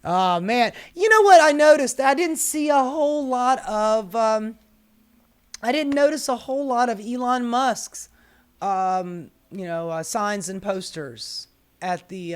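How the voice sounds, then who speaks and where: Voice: medium pitch, fairly bright tone. A host giving casual commentary while reading protest signs aloud, sassy and profane, laughing often.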